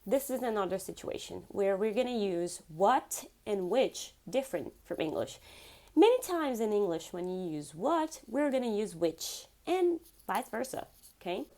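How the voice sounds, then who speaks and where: A woman teaching a beginner language lesson, repeating words slowly for learners. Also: mid-range voice, very animated, dark tone. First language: Portuguese.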